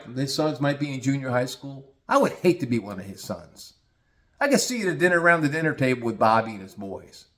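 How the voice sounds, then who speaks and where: A man's voice: mid-range voice, fairly bright tone. Brief: middle-aged male podcast host, blunt and crude, rambling storyteller. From United States. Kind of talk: casual storytelling monologue.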